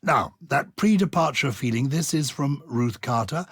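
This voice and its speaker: An older man co-hosting a podcast, reading out listener letters and chatting in an expressive, theatrical way, with a throat bothered by biscuit crumbs. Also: mid-range voice, moderate pace, few pauses, slightly rough, no room sound, studio quality. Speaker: podcast co-host.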